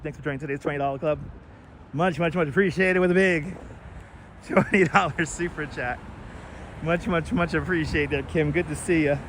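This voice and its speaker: A man's voice: sits high, fairly bright tone, slight background noise. Chatty New man on a street stream. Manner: chatty, greets viewers by name. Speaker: live-stream host giving a walking tour. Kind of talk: casual live-stream chat. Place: outdoors on a city street. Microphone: wireless clip-on mic.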